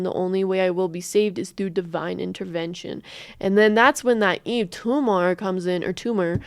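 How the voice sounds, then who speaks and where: A woman from the United States giving casual reaction commentary, expressive and thinking aloud, swearing freely. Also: a little high, smooth, no room sound, studio quality. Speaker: reaction streamer.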